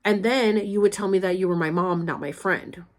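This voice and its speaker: A woman's voice: fairly low pitch, moderate pace. Candid young woman telling a hard story. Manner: candid, emotional, blunt with swearing. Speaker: vlogger. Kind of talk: personal storytelling, addressing her mother.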